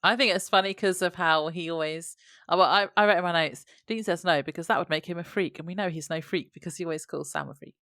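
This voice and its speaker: Low-voiced woman co-host, dry sound. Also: fast, a bit bright, no room sound. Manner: chiming in with questions from her notes. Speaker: podcast co-host. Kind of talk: casual chat.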